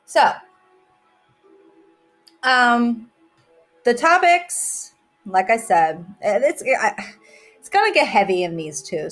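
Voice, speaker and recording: A woman hosting her own podcast, talking in a chatty, rambling way and poking fun at herself as she goes. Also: medium pitch. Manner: chatty, rambling, self-mocking. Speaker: podcast host. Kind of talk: casual solo podcast chat.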